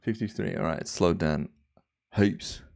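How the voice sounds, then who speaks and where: A young man hosting a relaxed livestream, chatting casually and rambling with viewers. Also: low voice, unhurried. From Australia. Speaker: livestream host.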